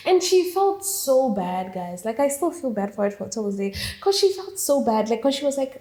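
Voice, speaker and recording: A young woman from southern Africa telling a casual storytime, animated, quoting people in a raised voice. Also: a little high, normal speed, few pauses. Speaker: vlogger. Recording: echoey room.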